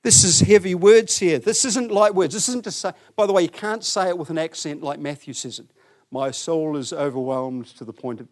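A male preacher talks his listeners through a conversational sermon, putting questions to them along the way. His fairly high voice moves from loud emphasis to hushed, lowered tones. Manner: animated, swings between loud and quiet, asks the listeners questions.

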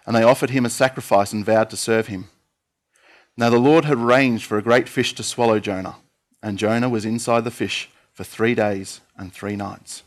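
Man preaching a sermon. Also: mid-range voice. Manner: steady reading with occasional fillers. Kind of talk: sermon reading scripture aloud.

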